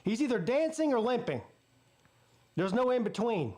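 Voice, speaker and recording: High-voiced, profane football fan host. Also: male voice, big pitch swings, normal speed, darkish tone. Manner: casual, profane, ranting. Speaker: sports channel host. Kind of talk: live game watch-party commentary and storytelling.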